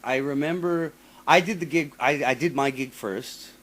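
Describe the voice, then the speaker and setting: A podcast host spins a long, profanity-filled story in a casual chat, repeating himself, restarting often and mimicking the people involved. He sounds animated. His voice is fairly high-pitched at a moderate pace.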